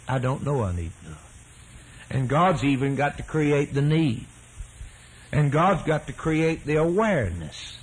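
A man preaching a sermon emphatically, repeating phrases and swelling his pitch and volume to stress key words. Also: very animated, a little slow, slight background noise, low-quality recording.

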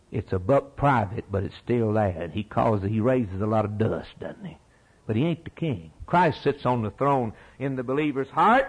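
Middle-aged preacher guy, husky voice that swings way up and down, folksy and emphatic. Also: mid-range voice, lively intonation, a little slow, low-quality recording. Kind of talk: sermon.

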